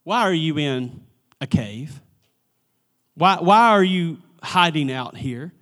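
A pastor voicing God in a sermon, speaking in a soft, low, patient manner as he questions a prophet. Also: fairly even intonation, unhurried. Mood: gently probing.

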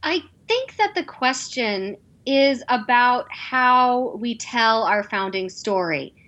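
Woman making relaxed panel remarks. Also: on the high side, takes it slowly, dull audio. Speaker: panel guest. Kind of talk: academic panel discussion.

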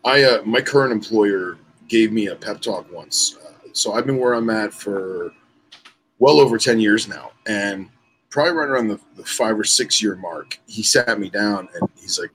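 A man speaking as a guest on a casual podcast, relaxed and peppering his speech with "you know". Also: fairly low pitch, moderate pace, slight background noise, rough recording.

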